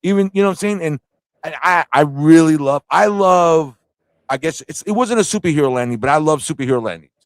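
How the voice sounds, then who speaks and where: A man co-hosting a casual movie review chat, excitable and laughing, acting out scenes as he talks. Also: fairly high pitch, a little fast, dry recording. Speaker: podcast co-host.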